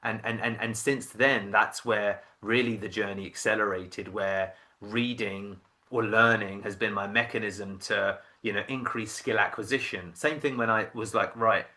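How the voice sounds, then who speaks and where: A man in his thirties, a podcast guest telling his career story in a casual, animated way, acting out voices and often restarting sentences. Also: lowish voice, normal speed. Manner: animated storyteller who acts out quoted voices, many restarts.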